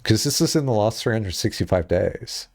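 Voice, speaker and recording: A man chatting casually on a live stream, rambling and laughing often, jumping up high when excited, on a headset mic. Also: normal speed, dry recording, clean studio sound.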